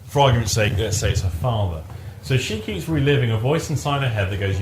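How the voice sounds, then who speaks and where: With lively intonation and a slightly fast pace, a man with a mid-range voice runs a workshop in a noisy training room before a live group. His teaching is conversational and anecdote-filled, and he repeats words whenever he restarts a sentence.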